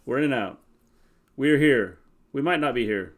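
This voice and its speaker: A man with an expressive, mid-range voice co-hosts a casual live-stream recap at a moderate pace. He is chatty, hedges his opinions, and speaks directly to viewers.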